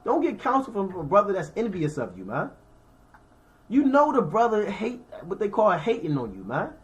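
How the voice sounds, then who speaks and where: A man with a high voice and huge pitch swings teaches scripture informally at a normal speed. He reads verses aloud, then explains them with everyday examples in slangy, conversational language, checking in with his listeners as he goes.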